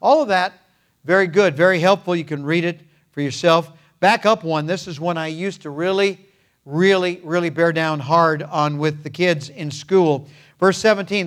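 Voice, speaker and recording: Older man, pastor, sermon, earnest, repeats himself, slightly high-pitched. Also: fairly bright tone. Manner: earnest preaching with repeated phrases and pauses.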